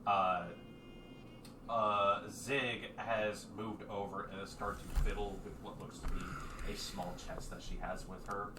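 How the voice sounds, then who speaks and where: A man's voice: on the low side, little pitch movement, a little slow. A man narrating as game master in a casual, filler-heavy way, recorded at a distance in an echoey room with background noise.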